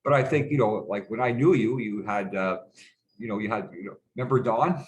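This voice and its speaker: A man's voice: fairly low pitch, brisk, slight background noise, low-quality recording. A middle-aged man telling stories as a guest in a casual conversation, rambling and hesitant, stopping and restarting, with frequent swearing. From Canada.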